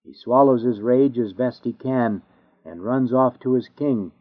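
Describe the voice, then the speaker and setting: A man's voice: mid-range voice, unhurried. A man reading a sermon aloud in a solemn, declamatory manner. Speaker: preacher. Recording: tinny phone-like audio.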